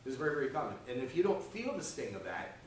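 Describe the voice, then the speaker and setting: Teaching a Sunday school Bible lesson, a man keeps checking in with "okay?" and "right?" in a conversational style. His plain, mid-pitched voice moves quickly with big pitch swings, and the far-off mic brings in the echoey church classroom and a little hiss or hum.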